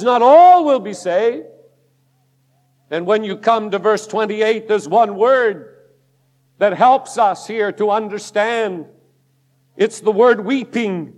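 A man's voice: sits high, big-room sound. A man preaching a sermon as pastor, emphatic and declaiming, quoting scripture with force.

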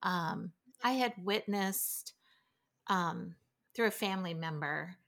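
A middle-aged woman, a podcast guest, telling family stories in a lively way and acting out her children's voices. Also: lowish voice, slow pace. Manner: animated storytelling, acts out her kids' voices. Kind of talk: casual podcast conversation.

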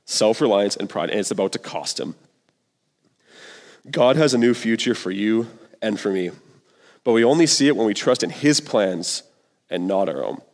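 A man's voice: lowish voice, lively intonation, normal speed, pauses often, a little mellow, in a large hall. A male pastor giving a sermon in an earnest, conversational way, full of casual slang.

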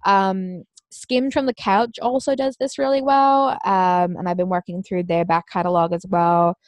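A woman's voice: medium pitch, fairly even intonation, normal speed, no echo. Young woman, podcast co-host, eager, filler-heavy, casual chat, dry. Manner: enthusiastic, filler-heavy recommending.

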